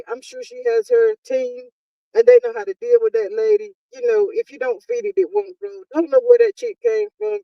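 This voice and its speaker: A woman's voice: fairly high pitch, no echo, recorded from a distance, lo-fi sound. A woman, chatting casually and exasperatedly as a live-stream commentary host. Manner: exasperated, talkative, drawn-out exclamations.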